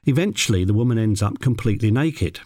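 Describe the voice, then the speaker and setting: A man's voice: lively intonation, fast, a little mellow, dry recording. Dry-voiced man telling a wry anecdote. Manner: mimics a parrot in a high voice. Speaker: animal handler telling a story. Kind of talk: personal anecdote narration.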